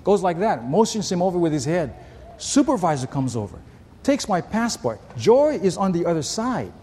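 A man delivers a sermon in a relaxed, storytelling way, his voice sitting a little high for a man. He leans on rhetorical questions and doubles up his words as he talks. The recording carries the long reverb of a large church hall. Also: normal speed, husky. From Hawaii. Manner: conversational, asks rhetorical questions, repeats words. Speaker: pastor.

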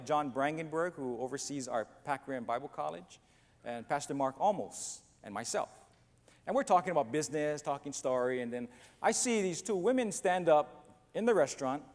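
A pastor with a slightly mellow voice on the high side preaches a sermon that includes a self-deprecating, humorous personal story, acting out the other voices. The recording carries long church reverb and faint noise.

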